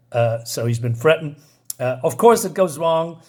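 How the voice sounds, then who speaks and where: A man's voice: fairly high pitch, lively intonation, moderate pace, dark tone. Chuckling, rambling male comic reviewer. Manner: chuckling, rambling with many fillers. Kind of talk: casual comic review with retold dialogue.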